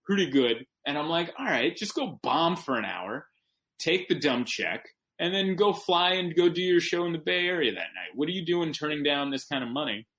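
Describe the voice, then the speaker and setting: A man, a stand-up comedian guest on a podcast, telling a story in casual chat with animated, emphatic delivery and quick self-corrections. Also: on the high side.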